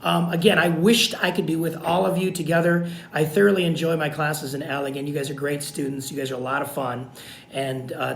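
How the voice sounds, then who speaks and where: A man's voice: little pitch movement, fairly quick, creaky. A man recording a video lecture for his college class, talking informally and checking in with "okay?" again and again. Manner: repetitive, informal, frequent "okay?" check-ins. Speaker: college instructor. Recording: echoey room with faint rumble.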